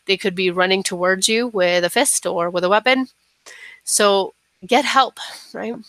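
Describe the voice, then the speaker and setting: A woman delivers a recorded staff training lecture in a calm, instructive way, often pausing to ask "right?". Her pitch sits in an ordinary middle range, and the sound is dry and close with no room echo.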